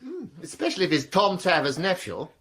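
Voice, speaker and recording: A fussy, earnest young gent in a radio comedy, bright and animated. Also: male voice, high-pitched, fairly quick, husky, heavily acted.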